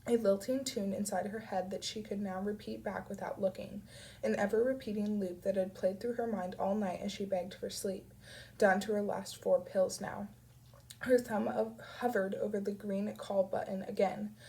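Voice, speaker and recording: A woman reads a novel aloud in a steady, quiet way. She has a cold, and her voice carries a gravelly, creaky texture. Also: medium pitch, normal speed, rough recording. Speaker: audiobook reader. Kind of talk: audiobook narration.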